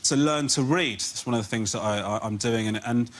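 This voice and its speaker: A comedian on a panel show, ranting in exasperation and building to loud outbursts. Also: male voice, mid-range voice, brisk. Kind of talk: stand-up routine on a panel show. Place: TV studio with live audience.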